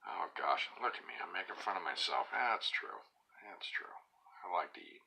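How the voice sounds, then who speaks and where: A man's voice: deep voice, expressive, normal speed, vocal fry, background noise. A man casually chatting on a live stream, reading viewer comments aloud and poking fun at himself, sometimes dropping to a whisper. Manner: chatty and self-mocking, drifting into soft whispered asides.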